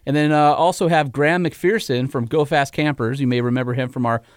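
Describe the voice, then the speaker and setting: A man's voice: medium pitch, a little fast, no echo, studio quality. A man co-hosting a podcast in casual chat, enthusiastic and rambling with many fillers. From California. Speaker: podcast co-host.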